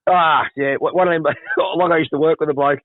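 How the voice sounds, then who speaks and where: Australian man, podcast host, crude storytelling, quick delivery, thin phone-like audio, dry. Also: on the high side, fairly even intonation, no echo. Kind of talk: casual podcast chat.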